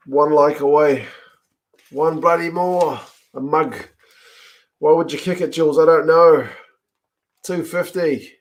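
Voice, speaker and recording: A man hosting a live rugby watch-along from home, commentating on the match, chatting with viewers, and yelling at the TV in excitement. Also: a little high. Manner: excitable, yells at the screen, chats with viewers. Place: home, in front of a TV.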